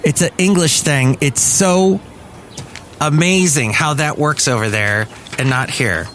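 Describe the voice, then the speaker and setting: A man's voice: on the high side, unhurried, fairly bright tone, a little hiss or hum. Rambling American man hosting a podcast. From United States. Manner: rambling, enthusiastic, self-correcting. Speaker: podcast host and talk radio worker. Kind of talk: casual solo podcast chat.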